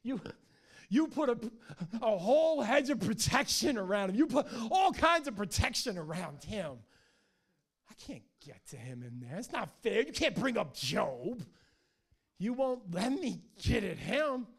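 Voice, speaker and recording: A man's voice: medium pitch, lively intonation, unhurried, creaky, darkish tone, voice pushed down. A man voicing a whiny, groveling male devil who sulks and complains. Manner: whining, complaining.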